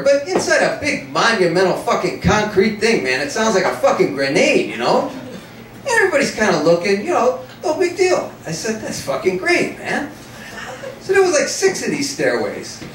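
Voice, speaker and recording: A man reading his own first-person story aloud in a cafe, in an animated, profane storytelling manner. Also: high-pitched, slight background noise. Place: cafe before an audience. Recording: roomy cafe sound from a distant mic.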